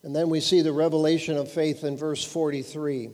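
A man preaching a sermon, earnest and emphatic, dropping lower and quieter when he reads scripture. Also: little pitch movement, brisk. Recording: long hall reverb.

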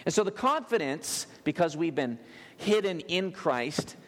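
A man preaching a sermon in a church, his fairly high voice carrying a gravelly edge. He talks in an animated way and tosses joking asides to the congregation. The room gives a long, ringing reverb. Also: a little slow. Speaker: pastor. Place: church sanctuary.

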